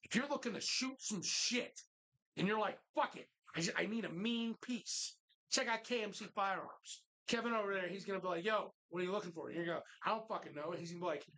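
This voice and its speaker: A man's voice: high-pitched, brisk, pushed and bright, poor audio. A man hosting a live show from a bar, joking loosely and swearing through sponsor plugs. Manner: profane, jokey, reads sponsor plugs with mock voices. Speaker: host. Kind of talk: casual bar-show banter.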